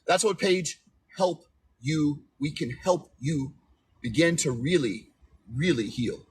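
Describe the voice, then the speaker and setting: A man's voice: fairly high pitch, animated, takes it slowly, a little hiss or hum. A man in his forties giving relationship advice on a livestream, emphatic and repetitive, often asking "okay?". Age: 40s. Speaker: relationship coach.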